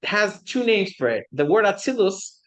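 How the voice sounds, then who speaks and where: A man's voice: sits high, sing-song, normal speed, a bit bright. Man giving a chatty class lecture. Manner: conversational, checks in with the class and poses questions. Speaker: rabbi teaching a course.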